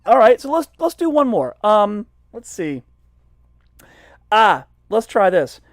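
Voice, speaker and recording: Male jazz educator, relaxed and self-deprecating, slightly high voice, dry mic. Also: takes it slowly, dry recording. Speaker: jazz trumpet teacher. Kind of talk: casual instructional talk.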